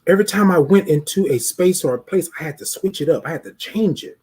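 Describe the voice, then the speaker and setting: Husky man preaching to his viewers. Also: fairly high pitch, animated, quick pace, darkish tone. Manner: preachy, emphatic, talks straight to viewers. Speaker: host of a live talk show. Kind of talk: motivational live-stream monologue.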